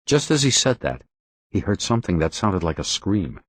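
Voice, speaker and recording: A man narrating an audiobook in a steady, expressive reading. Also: sits low, moderate pace, no echo, studio quality. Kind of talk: audiobook narration of a crime novel.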